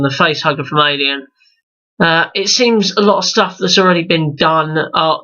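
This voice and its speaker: A man's voice: high voice, sharp tone. A man giving an opinionated, casual review rant, rambling with frequent restarts and swearing, in a dull lo-fi recording. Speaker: video reviewer.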